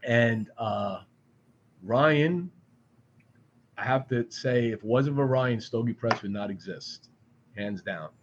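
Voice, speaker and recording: A man from the Boston area, a podcast guest telling a long story in an animated, profane way with frequent restarts. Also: medium pitch, slow, long pauses, highs cut off, a little hiss or hum. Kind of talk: casual storytelling. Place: studio.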